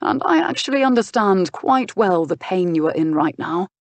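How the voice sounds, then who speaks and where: Woman reading a firm, steady uncle. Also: medium pitch, dry recording, natural voice. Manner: firm, measured, dryly mocking. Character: older uncle and guardian, firm, steady boxer. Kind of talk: audiobook character voice.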